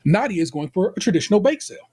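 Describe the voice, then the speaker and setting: A man's voice: sits high, very fast, breathy edge. An American man co-hosting a podcast, recapping a baking show in a playful casual chat full of slang. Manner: animated, playful, Southern-leaning slang like y'all. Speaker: podcast co-host.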